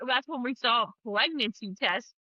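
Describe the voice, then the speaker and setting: A woman in casual chat, chiming in with quick asides and laughing along. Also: fairly high pitch, pushed and bright, no room sound, lo-fi sound.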